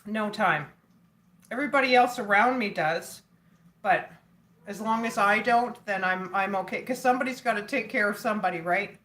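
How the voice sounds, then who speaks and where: A woman's voice: on the high side, moderate pace, a bit bright. A woman hosting a casual livestream, chatting with viewers and laughing often.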